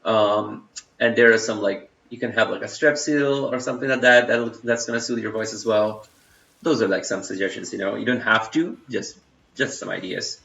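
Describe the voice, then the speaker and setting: A man's voice: lowish voice, normal speed, gravelly, fairly bright tone, a little hiss or hum. A young man with an Indian accent, streaming a game and chatting loosely with his viewers, full of fillers and restarts. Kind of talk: casual live-stream chat. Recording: roomy, slightly dull home stream audio.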